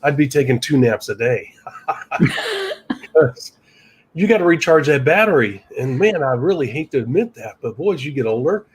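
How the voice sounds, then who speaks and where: A man's voice: medium pitch, expressive, normal speed, long pauses, husky. A middle-aged man hosting a daily podcast, talking in a chatty, folksy way and laughing easily. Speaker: podcast host. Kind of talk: casual chat.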